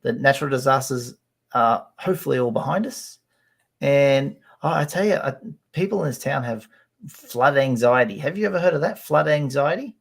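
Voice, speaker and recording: A man's voice: mid-range voice, animated, normal speed, creaky. A man hosting a livestream show in casual chat, with a slightly nasal voice and a chatty, joking manner. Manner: chatty, joking, acts out other people's voices.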